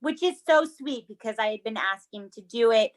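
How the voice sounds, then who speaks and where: A woman's voice: fairly high pitch, animated, moderate pace. A woman co-hosting a casual true-crime podcast, chatty and laughing often. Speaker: podcast co-host. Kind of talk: casual chat.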